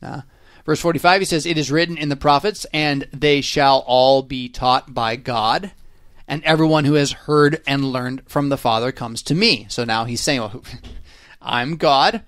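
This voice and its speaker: A man's voice: medium pitch, unhurried, fairly bright tone, no echo, clean studio sound. A man hosting a podcast, walking through a Bible passage in a casual, conversational way, full of fillers and tag questions like "right?". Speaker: podcast host teaching scripture. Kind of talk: casual Bible study chat.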